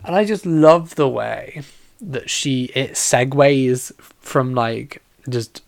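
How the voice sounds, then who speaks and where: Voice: mid-range voice, takes it slowly, creaky, no echo. A podcast host chatting casually alone about a film, rambling with constant fillers and restarts, and tired and yawning.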